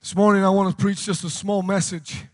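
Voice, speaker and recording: A British man preaching a revival sermon, impassioned and shouting to a congregation in a large church hall. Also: high-pitched, level tone, a little fast. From United Kingdom. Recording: long reverb of a large hall.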